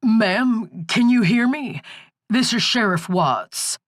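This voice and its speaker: A woman's voice: on the high side, lively intonation, takes it slowly, no room sound, studio quality, voice pushed up. A woman voicing a male small-town sheriff who answers the phone with polite, formal patience. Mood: puzzled.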